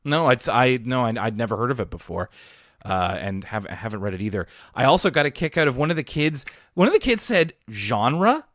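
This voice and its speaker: Guy cohosting a podcast, really animated up and down voice, dry close sound, chatty recap w lots of laughs. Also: medium pitch, quick pace, no echo. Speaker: podcast co-host. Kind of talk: casual podcast chat.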